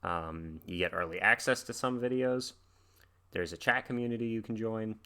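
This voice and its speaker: A man's voice: lowish voice, normal speed, sharp tone, smooth. A man hosting a music reaction video, thinking aloud in a rambling, casual way with many fillers. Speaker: music reaction channel host.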